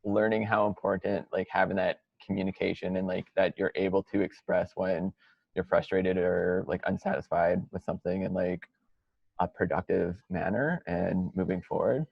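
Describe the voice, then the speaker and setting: A man's voice: deep voice, steady tone, normal speed, creaky, slightly rough, dry recording. A young-sounding co-host man talking casually with many "like" fillers on a video call. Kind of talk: webinar round-table discussion. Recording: dull, dry lo-fi mic.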